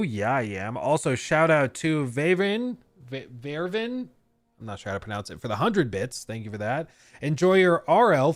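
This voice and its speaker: A man's voice: medium pitch, no echo. A man hosting a live stream, rambling casually as he reads and answers viewer messages. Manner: rambling, reacting to chat with frequent restarts.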